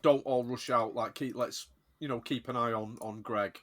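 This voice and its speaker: A man's voice: medium pitch, fairly even intonation, moderate pace, fairly bright tone. A man in a mid-range voice plays a character in a tabletop game. He talks plainly and thoughtfully, with a little hesitation. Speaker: player. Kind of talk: casual tabletop game play.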